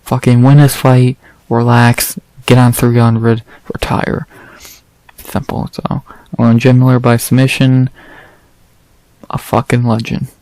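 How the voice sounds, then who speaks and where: A man talking through fight picks in a loose, rambling way, blunt and quick to swear as he thinks aloud. His voice sits at an everyday middle pitch, and the recording is dry and close with no room sound. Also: monotone, warm tone, dry recording. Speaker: MMA fight predictions host. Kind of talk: casual commentary.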